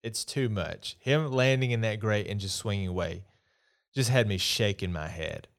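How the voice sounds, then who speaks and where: A man's voice: lowish voice, normal speed. A man hosting a podcast, giving a casual, opinionated solo movie review in a chatty, exasperated way. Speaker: podcast host.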